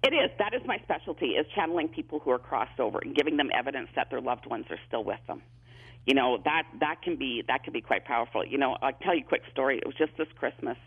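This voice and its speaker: This psychic medium speaks at medium pitch, quickly and expressively, with a breathy edge. Calling in for an interview on a tinny phone line, he chats and tells stories, often circling back to repeat himself and starting sentences over.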